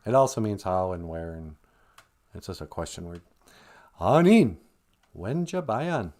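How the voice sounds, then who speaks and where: Lively Upper Midwest man teaching words. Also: deep voice, normal speed. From Minnesota. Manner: chuckling, reads viewer comments aloud, spells words out. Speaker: livestream host teaching Ojibwe. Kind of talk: casual livestream chat and language lesson.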